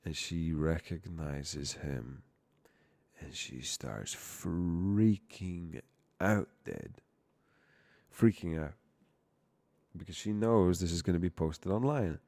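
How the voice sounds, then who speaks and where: A young man talks in a low, slow voice with a darkish tone, recorded without echo. He rambles and swears while coding on a live stream, often breaking off mid-word.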